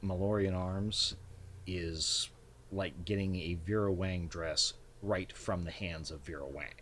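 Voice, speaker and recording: A man narrating a tabletop game as game master, in a relaxed storytelling way with fillers. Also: low-pitched, unhurried, a little hiss or hum.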